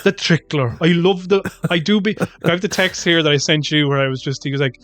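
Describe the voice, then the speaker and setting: A man co-hosting a podcast, rambling and animated in casual chat, swearing freely. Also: a little high, quick pace, faint music behind. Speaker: podcast co-host.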